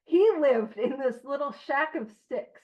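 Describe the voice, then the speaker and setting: A woman leading an online recovery study group, reading passages aloud and chatting through them with animated, jokey digressions. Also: high-pitched, unhurried. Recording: slightly muffled online stream audio.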